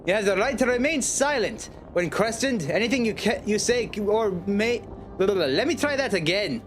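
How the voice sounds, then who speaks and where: A man's voice: high-pitched, sing-song, fast, fairly bright tone, faint music behind. A man voicing an eager, bumbling police sidekick in a game, in a put-on accent, stumbling over words.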